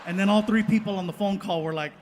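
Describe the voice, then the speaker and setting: Stand-up comic, man, Mexican American accent, fairly high voice, animated storyteller, on stage at a handheld mic. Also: fast, a little hiss or hum. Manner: animated, acts out dialogue with voices. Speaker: stand-up comedian. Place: comedy stage before live audience.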